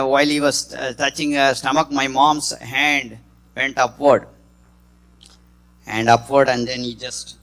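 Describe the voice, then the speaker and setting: A middle-aged man giving a spontaneous talk, halting and often restarting his phrases. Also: a little high, pushed and bright, rough recording. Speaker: speaker on spiritual healing.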